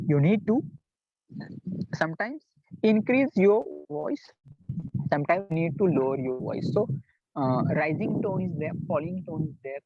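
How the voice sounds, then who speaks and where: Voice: mid-range voice, darkish tone, no room sound. A college teacher, giving an online lecture, posing questions and then answering them. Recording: dull lo-fi dry recording.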